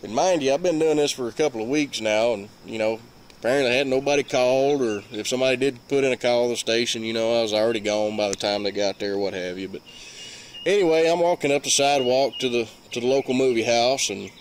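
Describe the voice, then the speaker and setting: A man's voice: mid-range voice, fast talker, slight background noise. A man with a Mississippi Southern accent telling a long story in a rambling, folksy way with lots of fillers. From Mississippi, USA. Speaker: vlogger. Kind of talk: casual storytelling.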